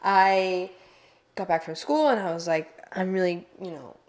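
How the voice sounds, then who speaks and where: A woman's voice: lowish voice, a little slow. Young woman telling a rambling story. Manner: rambling storyteller, heavy use of "like". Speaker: podcast co-host. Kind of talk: casual chat.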